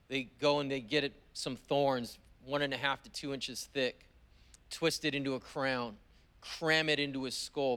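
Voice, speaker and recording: A man preaching a sermon at a middle pitch. He retells a story vividly and slows right down on the key words, with weighty pauses between phrases. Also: a bit bright. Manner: slow, emphatic preaching with long pauses. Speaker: pastor.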